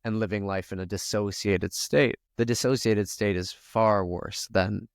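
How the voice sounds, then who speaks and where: Earnest, low-voiced male interview guest. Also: steady tone, measured pace, smooth, no echo, clean studio sound. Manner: earnest, confessional, swears casually. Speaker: podcast guest, spiritual coach. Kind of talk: candid conversational interview.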